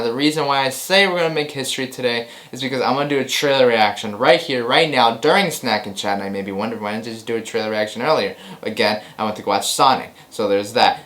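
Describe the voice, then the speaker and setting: Excitable man chatting about movies. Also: medium pitch. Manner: excitable, rambling, repeats himself, laughs often. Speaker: host of a movie news show. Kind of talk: casual movie news chat.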